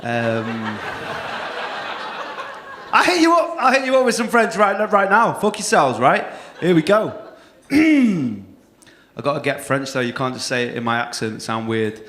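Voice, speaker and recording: A male compere works the crowd at a comedy club with brash, sweary teasing. His voice sits high and bounces all over the place. The room around him rings with echo from the stage mic. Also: sing-song, measured pace, pauses often, bright, forceful tone, a little hiss or hum. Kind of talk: crowd work at a stand-up gig.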